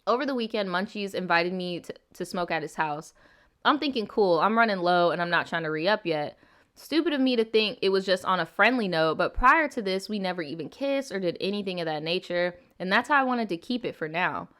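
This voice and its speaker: A woman's voice: on the low side, expressive, fairly quick, a bit bright. Blunt, laughing young woman storytime host. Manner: blunt, profane, laughs often, interrupts herself. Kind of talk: reading viewer stories aloud with commentary.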